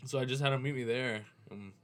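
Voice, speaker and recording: A man's voice: mid-range voice, fast, a bit bright. A man from Florida, a professional kiteboarder, telling a story in a loose, profane, casual way and chuckling as he goes. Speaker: professional kiteboarder, podcast guest.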